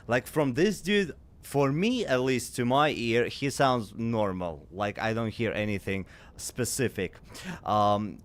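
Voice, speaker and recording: Chatty man commenting on a game. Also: medium pitch. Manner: chatty, rambling, reads lines aloud. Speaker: gaming streamer. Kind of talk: casual playthrough commentary.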